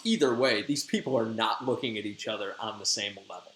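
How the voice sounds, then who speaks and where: A male teacher retells a play to his class in slangy, conversational talk packed with fillers. His medium-pitched, slightly bright voice moves briskly with few pauses, and the room sounds echoey.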